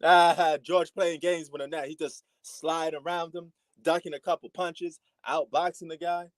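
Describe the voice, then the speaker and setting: A man's voice: fairly high pitch, little pitch movement, a little slow, no echo. Laid-back New York man calling a fight. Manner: slangy, laid-back, rambling. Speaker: boxing live-stream host. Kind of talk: casual live fight commentary.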